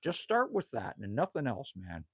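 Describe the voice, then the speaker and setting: Husky-voiced man chatting on a live stream. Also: mid-range voice, wildly swooping pitch, moderate pace, fairly bright tone, dry recording, studio quality. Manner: chatty, laid-back, calls everyone man or buddy. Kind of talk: casual live stream chat, answering viewer comments. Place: outdoors at a rural cabin.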